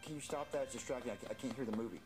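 A man voicing an excitable, whiny adult male puppet character. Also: mid-range voice, very fast, echoey room, recorded from a distance, music in the background, close to an everyday voice.

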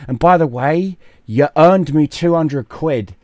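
A man with a fairly high voice rants through fight commentary, swearing freely and scorning the loser. His tone is animated and cutting. The sound is dry and close to the mic. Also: slow, no echo. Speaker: gaming and boxing commentator.

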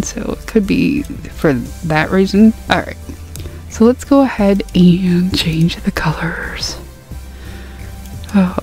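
A woman giving a casual game review, gasping and squealing excitedly over cute items. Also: fairly low pitch. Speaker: gaming YouTuber.

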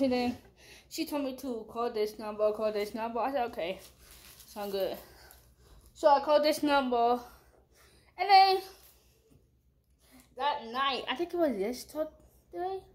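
A woman's voice: high-pitched, normal speed, long pauses, a little mellow. A young woman chatting casually in a storytime vlog, rambling and slangy, swearing freely, talking into a headphone mic at home. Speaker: vlogger.

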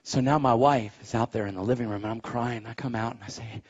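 A middle-aged man preaching a sermon as a story, animated, dropping to a hush and rising to shouts. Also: mid-range voice, fast talker, hardly any pauses, husky, lo-fi sound. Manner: animated, swings from hushed to shouting.

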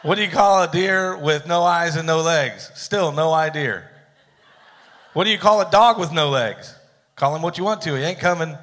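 A man's voice: on the high side, normal speed, a bit bright. A man hosting a live joke contest on stage, telling jokes and chuckling at his own punchlines. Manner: chuckling, playful storyteller. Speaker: event host running a joke contest. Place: theater stage, live event. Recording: long theater hall reverb.

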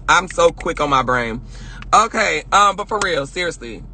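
Loud, sassy man streaming from home: high, bright voice that swings widely, cuts in with quick profane comebacks. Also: animated, a little hiss or hum. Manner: loud, projecting, sassy, profane, laughs often. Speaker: livestream host. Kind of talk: casual livestream rant.

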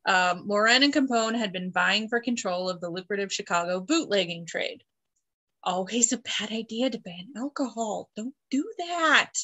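A woman's voice: mid-range voice, moderate pace, fairly bright tone. A woman co-hosting a podcast, reading history notes and throwing in joking asides in casual chat. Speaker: podcast co-host.

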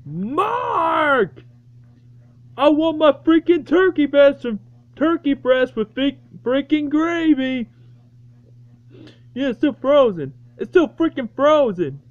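A young man voicing a whiny, hot-tempered male toy character who yells in shrill tantrums. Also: animated, a little slow. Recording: dull lo-fi home recording.

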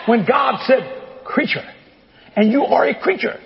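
An older man preaches, his high, gravelly voice leaping all over the place. He is captured in a big hall with long reverb and a dull, muffled sound. A faint congregation murmurs behind him. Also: a little slow, long pauses, a crowd in the background, noisy background. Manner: animated, swings between shouting and low asides, folksy humor. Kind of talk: sermon.

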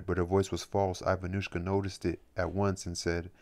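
A man with a deep, low voice reads a novel aloud. His delivery is plain and unhurried, keeping a flat, steady line through the narration. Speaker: audiobook reader. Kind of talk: reading a novel aloud, then commenting.

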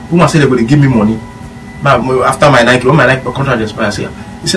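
A man's voice: medium pitch, racing. A man with a Nigerian Pidgin accent, a former footballer telling a rambling story full of quoted dialogue in a casual chat. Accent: Nigerian Pidgin English. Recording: distant mic with faint room noise.

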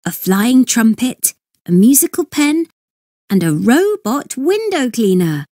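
A woman reading a children's story aloud slowly and expressively. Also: dry recording, studio quality. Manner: slow, expressive storytelling with lively pitch. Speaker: storybook reader.

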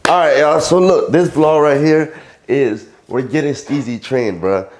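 A man's voice: mid-range voice, measured pace, a little mellow. A man casually vlogging around his home, talking loosely with stumbles and repeats, and giving his dog firm repeated commands. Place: at home, indoors.

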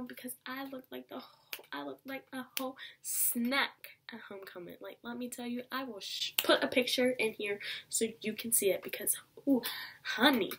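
A young woman telling a casual storytime vlog, chatty and animated, acting out what people said. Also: a little high, breathy edge. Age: young adult. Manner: chatty, animated, acts out quoted lines. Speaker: vlogger.

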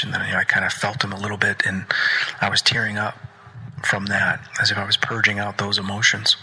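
Husky, flat-voiced man telling his story. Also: fairly low pitch, quick pace, low-quality recording. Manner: earnest, often drops into a breathy near-whisper. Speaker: podcast host. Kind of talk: personal storytelling monologue.

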